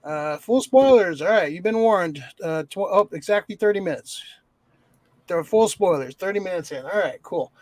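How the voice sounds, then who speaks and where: A man's voice: high voice, expressive, normal speed, darkish tone, no room sound. A man co-hosting a podcast, reviewing a movie in rambling, profanity-laced casual chat full of fillers. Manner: swears a lot, rambling with many fillers. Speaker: podcast co-host.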